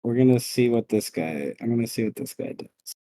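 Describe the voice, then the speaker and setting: A man's voice: medium pitch, lively intonation, fairly quick, dark tone. A man narrating a tabletop game as game master, speaking hesitantly with many fillers.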